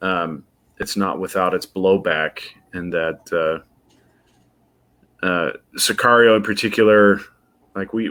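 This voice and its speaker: A man with a lowish voice co-hosting a casual movie podcast. He cracks dry, deadpan jokes and works through his points haltingly, with many pauses. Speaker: podcast co-host. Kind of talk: casual chat.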